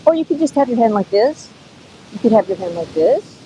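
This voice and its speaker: A woman over fifty teaching a live yoga class outdoors on a beach, giving gentle, coaxing cues and counting breaths. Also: fairly high pitch, very animated, fairly quick, highs cut off, slight background noise.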